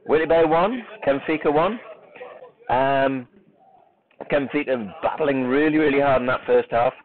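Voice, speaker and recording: A man's voice: mid-range voice, a little slow. A man giving amateur live football commentary while running the camera himself, rambling into joking, self-mocking asides between calls of the play. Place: outdoor football ground sideline. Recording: tinny phone-like live stream with crowd.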